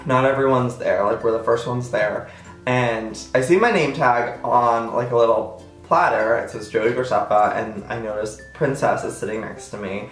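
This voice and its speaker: A man's voice: moderate pace, faint music behind. Chatty man telling a story, echoey. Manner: chatty, self-mocking, acts out quotes with jumps in pitch. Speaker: vlogger. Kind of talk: casual storytime.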